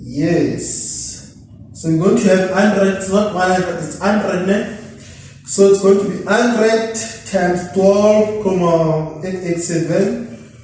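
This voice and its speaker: High-voiced man tutoring, echoey room. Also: slow, darkish tone, a little hiss or hum. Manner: thinks aloud, repeats himself, addresses viewers as guys. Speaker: electrical engineering tutor. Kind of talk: informal problem-solving lesson. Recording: echoey room, mic at a distance.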